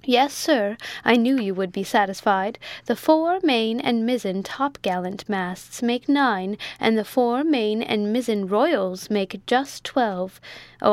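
A woman's voice: fairly high pitch, dry recording, close to an everyday voice. A woman reading a story aloud, voicing a chatty, proud, weak-minded elderly widow in a prim, earnest, rambling way.

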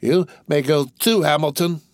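A man's voice: a little high, moderate pace, no room sound, pitched above the performer's own voice, lightly acted. Man putting on a drunk rich young fellow. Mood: boisterous. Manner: loud, careless, exclamatory, slurring slang.

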